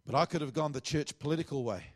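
A man's voice: fairly high pitch, fast. A middle-aged man, a pastor, earnestly telling a testimony and acting out the dialogue he quotes.

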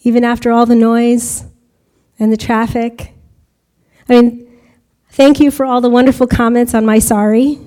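This American woman's voice is a little high and dark in tone, with little pitch movement and a moderate pace. Chatting to a church congregation in a testimony about mission work, she often breaks into laughter.

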